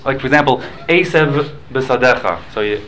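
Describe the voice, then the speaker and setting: A man at an ordinary middle pitch leads a relaxed study class. He works through a text in a conversational way, slipping in Hebrew and Aramaic study terms as he goes and checking in with his listeners. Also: moderate pace, noisy background. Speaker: Talmud class teacher. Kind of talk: casual study-class lecture.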